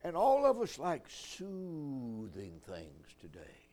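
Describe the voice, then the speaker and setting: A man's voice: a little high, huge pitch swings, slow, warm tone. An older man preaching a sermon, telling folksy stories with dry humor.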